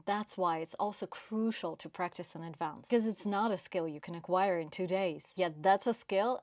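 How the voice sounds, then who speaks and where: A woman with a non-native English accent giving career advice to camera in a measured, clear, emphatic way. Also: mid-range voice, darkish tone, no room sound, studio quality. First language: not English. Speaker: career coach.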